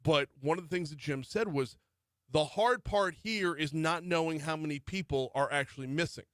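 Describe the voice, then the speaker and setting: A man's voice: a little high, moderate pace, fairly bright tone, dry recording. A middle-aged man hosting a morning talk radio show, running through the news with chatty asides. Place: radio studio. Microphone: studio microphone.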